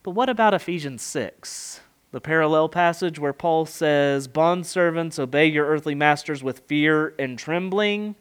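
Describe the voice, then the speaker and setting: A man's voice: a little high, a little slow, clear, resonant tone. A middle-aged man preaching an expository sermon, emphatic, with rhetorical questions and rising and falling delivery.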